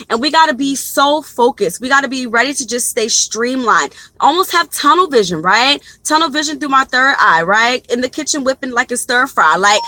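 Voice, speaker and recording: Bright-voiced woman doing a tarot reading. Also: high voice, no echo, poor audio. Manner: chatty, rambling, talks to viewers as y'all. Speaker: tarot reader. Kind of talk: casual live tarot reading. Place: parked car. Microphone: phone.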